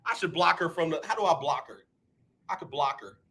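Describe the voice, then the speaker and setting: Joking radio dude, high voice, real gravelly, playful ribbing. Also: male voice, brisk. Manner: animated, joking, playful teasing. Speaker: radio talk show host. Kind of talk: live radio talk show. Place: radio studio.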